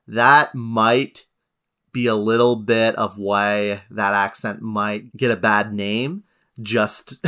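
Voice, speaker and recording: A Canadian man co-hosting a podcast, chatting in a relaxed, rambling way with many fillers. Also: on the low side. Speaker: podcast co-host. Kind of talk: casual podcast chat.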